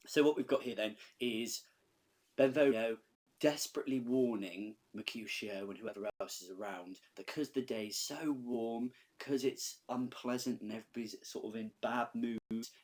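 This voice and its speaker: A man's voice: on the low side, slightly rough. A male teacher talking through a recorded lesson in a conversational way, checking in with the class with frequent "okay?"s.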